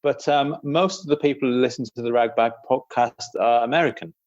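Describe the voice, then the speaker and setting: A British man talking casually, rambling and poking fun at himself with frequent laughs. His voice is mid-pitched and dry, with a slightly muffled, lo-fi quality. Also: brisk, darkish tone, dry recording. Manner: rambling, self-deprecating, laughs often. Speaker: guest author. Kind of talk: casual podcast chat. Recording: slightly dull, lo-fi sound.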